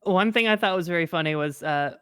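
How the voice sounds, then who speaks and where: Woman, lowish voice, casual podcast chat, swears, laughs a lot, dry close sound. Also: fairly quick, smooth, no room sound. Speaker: podcast co-host.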